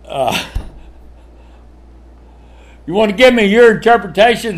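An older man preaching a sermon, animated and full of rhetorical questions, with chuckling asides. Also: sits high, moderate pace, pauses often.

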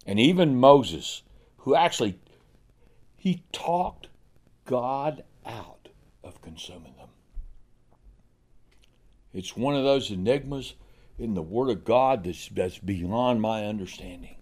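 A man's voice: medium pitch, expressive, takes it slowly, long pauses, a little mellow. A man preaching a sermon. He asks the congregation pointed questions and acts out the figures of scripture. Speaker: pastor.

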